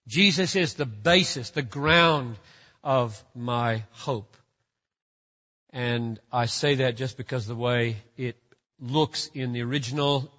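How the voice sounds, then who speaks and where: A man's voice: fairly high pitch, pushed and bright. A man preaching a sermon as pastor, emphatic and building to fervent declarations. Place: church sanctuary. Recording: dull sound with long church reverb.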